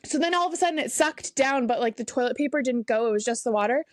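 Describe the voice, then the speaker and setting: A woman's voice: high voice, expressive, quick pace, no echo. A woman co-hosting a podcast, in casual chat, giggly and blunt as she tells stories. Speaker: podcast co-host.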